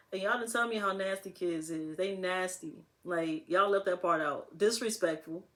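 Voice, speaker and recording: A woman's voice: lowish voice, a little slow, long pauses. A young woman talking casually to camera as a vlogger, rambling and laughing often.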